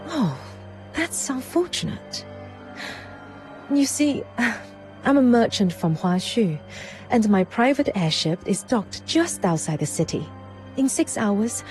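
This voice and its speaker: A woman voicing a shrewd, composed female merchant proprietress who talks in a calm, polished and cunning way in a game cutscene. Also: fairly high pitch, measured pace, faint music behind. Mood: feigned innocence.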